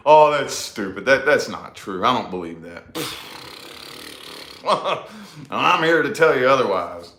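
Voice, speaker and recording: A man's voice: mid-range voice, a bit bright, reverberant. A man casually telling a personal story in a rambling, emphatic way, with lots of swearing and repeated phrases. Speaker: podcast co-host.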